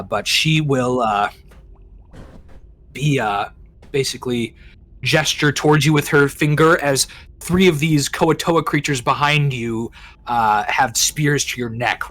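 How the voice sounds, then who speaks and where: A man's voice: mid-range voice, unhurried, fairly bright tone. A man narrating a tabletop game as game master, rambling, with many ums and self-corrections.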